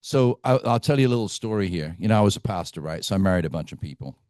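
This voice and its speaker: A man's voice: low voice, animated, fast, darkish tone, dry recording, clean studio sound. A middle-aged man leading a live team training in a meeting room, blunt and full of stories, often checking in with "right?".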